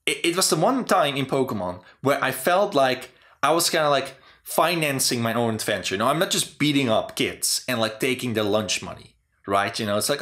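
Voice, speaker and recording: A man's voice: medium pitch, lively intonation, brisk, a bit bright. Rambling, cursing young man ranting. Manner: rambling, profane, exasperated ranting. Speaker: host. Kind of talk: casual chat about game design.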